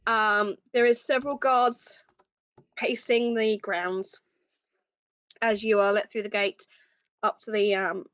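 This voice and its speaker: A woman's voice: medium pitch, a bit bright, dry recording. Woman narrating as game master. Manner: descriptive, frequent "um" pauses.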